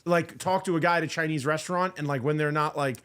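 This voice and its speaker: A man's voice: a little high, fast talker, a bit bright, clean tone. A man working as a podcast's producer, chatting casually in an easygoing, agreeable way with short replies. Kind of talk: casual chat.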